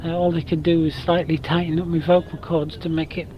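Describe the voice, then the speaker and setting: Chatty man with a rough voice. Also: a little high, level tone, fairly quick, muffled recording, a little hiss or hum. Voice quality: rough damaged voice. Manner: rambling, chatty storyteller with many restarts. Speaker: streamer. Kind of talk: casual chat while gaming.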